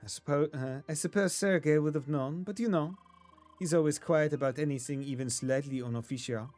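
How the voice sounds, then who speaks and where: A man's voice: on the high side, a little fast, darkish tone, soft background music, lightly acted. A man voicing a cheerful French young woman gamer in an online game, reading her lines in a lifted, upbeat way. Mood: thoughtful.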